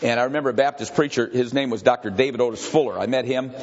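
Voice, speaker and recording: A man's voice: mid-range voice, fast. Older man preaching in a reverberant hall. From Grand Rapids, Michigan. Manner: rambling, digressive, repeats himself, chuckles. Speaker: pastor leading a Bible study. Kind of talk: conversational sermon with questions to the congregation. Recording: dull recording with long hall reverb.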